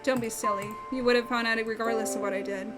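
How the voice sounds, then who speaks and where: A woman voicing a young woman murderer facing execution, quiet and resigned, over game music. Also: fairly high pitch, steady tone, fast, lightly acted.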